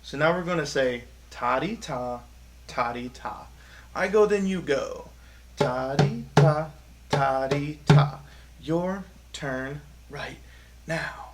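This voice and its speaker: A man's voice: on the high side, slow, very noisy. A man teaching a children's rhythm lesson, cheerfully chanting rhythm syllables for students to echo back. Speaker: music teacher. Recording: music playing behind the voice.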